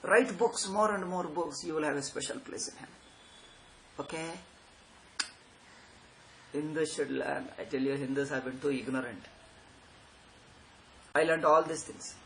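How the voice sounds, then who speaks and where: A man lectures students on spiritual matters in a fairly high voice. He talks with sarcastic emphasis and keeps circling back to repeat his points. A faint noise sits under the recording. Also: unhurried, vocal fry, long pauses, rough recording. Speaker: Vedanta teacher.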